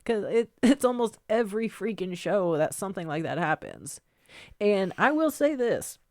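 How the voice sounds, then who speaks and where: A woman's voice: medium pitch, normal speed, no echo. A woman, a podcast co-host and pro wrestler, telling stories in a casual studio chat and laughing often as she talks. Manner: animated storyteller who laughs often.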